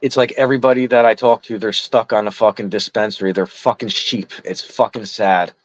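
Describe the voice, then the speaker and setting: A man's voice: on the low side, steady tone, fairly quick. A middle-aged man in casual chat, frustrated and rambling, swearing heavily. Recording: dull lo-fi sound.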